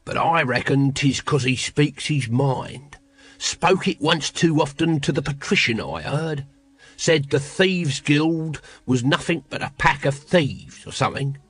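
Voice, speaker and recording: A man's voice: on the high side, animated, a little slow, fairly bright tone, slightly rough, heavily acted. A man doing a shifty, cynical old watchman. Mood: cynical, evasive. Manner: mumbling, rambling and evasive. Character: shifty seasoned male watchman, lazy and cynical.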